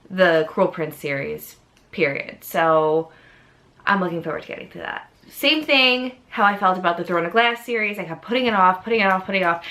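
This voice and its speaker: A woman in her thirties with a New York accent chats in a casual book vlog. Her voice is bright and a little edgy, at a middle pitch for a woman. She rambles, gushes and laughs often as she talks. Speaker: book vlogger. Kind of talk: casual chat.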